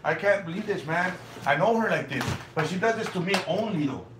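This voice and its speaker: A man's voice: high voice, expressive, brisk, background noise. A young man in heated casual talk, baffled, repeating himself and often saying "man". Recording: echoey room, far from mic, faint ambience.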